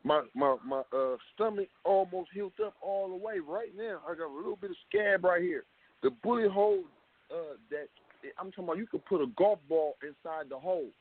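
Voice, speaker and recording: A man guest telling his story in an animated way, full of street slang and swearing, heard on a tinny phone line. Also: sits high, fairly quick, vocal fry. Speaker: rapper guest. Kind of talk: phone interview.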